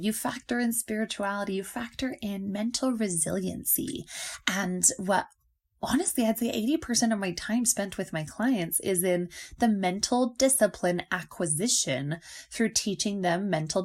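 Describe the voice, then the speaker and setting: A woman hosting a podcast as a nutrition coach, talking casually and animatedly, acting out inner voices and laughing often. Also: medium pitch.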